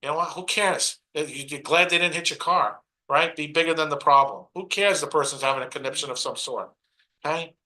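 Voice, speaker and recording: A middle-aged man from Brooklyn, giving a motivational stage talk in a preachy, punchy way and mocking other people's excuses in quick put-on asides. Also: on the high side, sharp tone, rough recording. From Brooklyn, New York. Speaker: motivational speaker.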